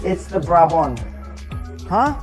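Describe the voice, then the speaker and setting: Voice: mid-range voice, sing-song, takes it slowly, a little mellow, soft background music. Rambling, chatty show reviewer. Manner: rambling, chatty, tags "right?" and "bro". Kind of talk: casual episode recap and review.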